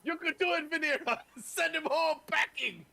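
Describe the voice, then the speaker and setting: A man playing in a tabletop game, excitable and cheering his character on. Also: very high-pitched, moderate pace, vocal fry. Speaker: player. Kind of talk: casual chat at the game table.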